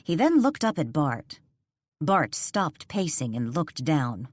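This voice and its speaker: A woman narrating a ghost mystery audiobook in a measured, suspenseful way on a close studio mic. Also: low-pitched, big pitch swings, dry recording. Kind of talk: scripted narration.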